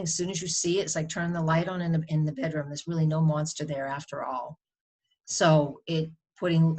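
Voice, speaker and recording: A woman's voice: low voice, darkish tone. A woman with a New England accent giving a weekly astrology forecast in a conversational, rambling way, often restarting her sentences.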